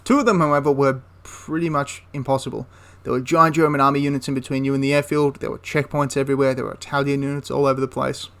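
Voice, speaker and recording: A man's voice: medium pitch, level tone, fast, vocal fry, hardly any pauses, a bit bright. A man casually retelling a wartime story for a history channel, rambling with frequent restarts and asides.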